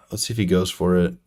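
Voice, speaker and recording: Slow-talking young man streaming chess. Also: low-pitched, a little mellow. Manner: self-deprecating, muttering to himself, frequent fillers. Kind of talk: live-stream chess commentary.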